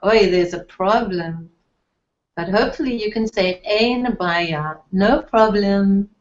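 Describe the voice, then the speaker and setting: A woman teaching everyday phrases in a language lesson, slowly repeating each word with care. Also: mid-range voice. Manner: slow, careful repetition of phrases. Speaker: Hebrew teacher. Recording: echoey, dull lo-fi room sound.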